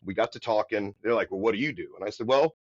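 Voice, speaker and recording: A man from the Midwest, a podcast guest, telling a story in a loud, energetic, casual way. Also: on the low side, fast talker, dry recording. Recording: dull, dry podcast audio.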